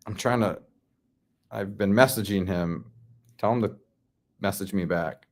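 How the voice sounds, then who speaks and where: Casual livestream host, man from the Midwest, lowish voice, slangy and relaxed. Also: unhurried. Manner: laid-back, slangy, reads chat comments aloud. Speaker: livestream host answering chat.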